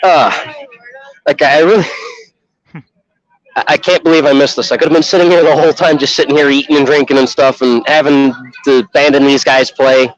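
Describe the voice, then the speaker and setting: A man's voice: medium pitch, fairly even intonation, normal speed. A man from Chicago streaming from an outdoor festival on his phone, rambling in casual, profane chat and laughing often. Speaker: live streamer. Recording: dull lo-fi phone audio.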